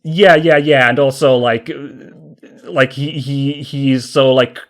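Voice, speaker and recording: A man's voice: medium pitch, fairly even intonation, slow. A man co-hosting a casual podcast, chatting enthusiastically and thinking aloud as he talks. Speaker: podcast co-host. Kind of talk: casual podcast chat about video games.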